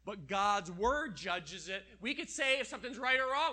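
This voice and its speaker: A man's voice: extremely high pitch, animated, moderate pace, hardly any pauses, pushed and bright. A man preaching a sermon, acting out quoted voices and dropping to a near whisper at times.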